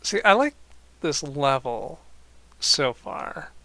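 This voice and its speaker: A man's voice: fairly high pitch, sing-song, takes it slowly, creaky, bright, forceful tone. A man streaming a video game, giving casual, wry commentary on a desk mic. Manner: musing, wry.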